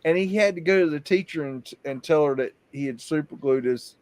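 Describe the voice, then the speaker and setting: A man's voice: fairly high pitch, fairly quick, a little mellow, no room sound. Rambling Southern man, dry close sound. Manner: rambling storyteller, frequent restarts. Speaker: show host. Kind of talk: casual live chat.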